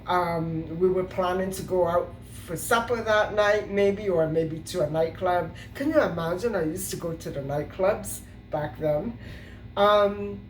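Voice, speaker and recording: A woman's voice: on the low side, a little hiss or hum. A middle-aged woman telling a personal story in a casual vlog, rambling with many fillers and restarts. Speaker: vlogger. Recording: roomy sound from a distance.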